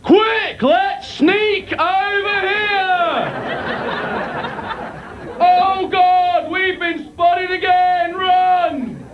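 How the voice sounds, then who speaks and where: A man putting on a loud, high, boisterous Australian man in a stand-up bit, recorded on dull lo-fi live club tape. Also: steady tone, extremely slow, background noise, exaggerated voice. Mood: shrill excited.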